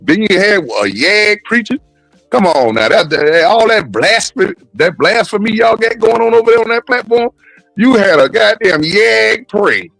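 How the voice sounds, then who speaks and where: A man's voice: high-pitched, animated, normal speed, creaky, a bit bright, no room sound, soft background music, low-quality recording. A man in casual panel chat, crude and mocking, laughing as he talks. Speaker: panel caller.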